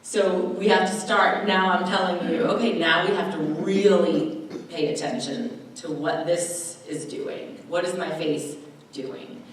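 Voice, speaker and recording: A woman's voice: fairly low pitch, steady tone, unhurried. A woman giving a chatty talk on dementia care to a live audience, often acting out quoted voices. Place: large room at a presentation. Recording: distant voice in a very echoey hall.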